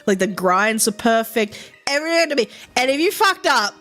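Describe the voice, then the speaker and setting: A woman's voice: on the high side, a little fast, soft background music. A woman streamer telling stories in casual chat while gaming, swearing freely and laughing often. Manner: swears freely, animated storytelling with frequent laughs.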